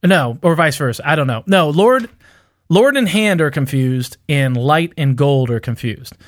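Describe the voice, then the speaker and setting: A man's voice: fairly high pitch, animated, a little slow, no room sound, clean studio sound. A man co-hosting a casual chat, rambling through a theory with lots of fillers and self-mocking laughs. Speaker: podcast co-host.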